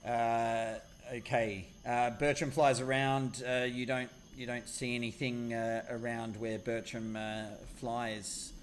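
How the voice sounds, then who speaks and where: A man narrating as game master, pausing often on fillers. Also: medium pitch, level tone, slight background noise. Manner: halting, many filler pauses.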